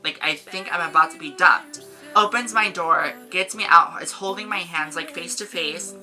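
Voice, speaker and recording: A young woman telling a casual storytime on her vlog, animated, swearing and saying "like" a lot. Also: fairly low pitch, moderate pace, soft background music, rough recording. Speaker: vlogger.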